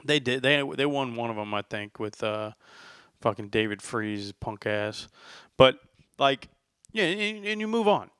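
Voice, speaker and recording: A man's voice: medium pitch, lively intonation, measured pace, a bit bright, clear, resonant tone, no room sound. Male solo podcaster, profane and heated, resonant voice, dry close mic. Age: adult, says he is older now. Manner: profane, worked-up sports venting. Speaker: podcast host. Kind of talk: casual solo podcast rant.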